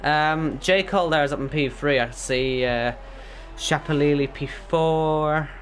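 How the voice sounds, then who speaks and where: A man's voice: mid-range voice, moderate pace, fairly bright tone. Rambling Northern Irish man commentating a race. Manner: rambling and self-deprecating, reading chat messages. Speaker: race league stream commentator. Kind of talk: casual live stream commentary.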